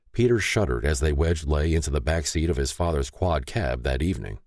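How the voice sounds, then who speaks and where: A man reads an audiobook with a deep voice that moves expressively up and down. His delivery is scripted and storytelling. The sound is close and completely dry. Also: expressive, brisk, hardly any pauses, a little mellow, no room sound. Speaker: audiobook narrator. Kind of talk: scripted narration.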